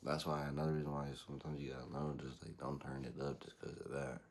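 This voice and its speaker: A young man hosting a podcast, telling a story casually in slangy, animated talk and imitating the people he quotes. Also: rumbling low, fast talker, a little hiss or hum. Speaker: podcast host.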